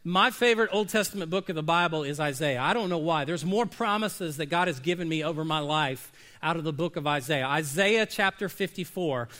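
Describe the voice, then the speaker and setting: A man preaching a sermon, animated and conversational, slipping into quick acted asides and questions to the congregation. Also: a little high. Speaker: pastor.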